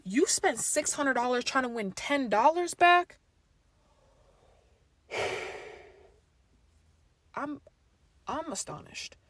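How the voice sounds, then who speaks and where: Animated young woman telling a story. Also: sits high, takes it slowly, pauses often, no room sound. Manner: animated, acts out family members' lines. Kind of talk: storytime vlog.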